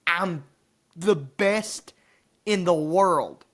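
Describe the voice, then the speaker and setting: A man's voice: high voice, drawn-out words, fairly bright tone. A young man, a wrestling commentator, ranting to camera in a frustrated, boastful and profane way.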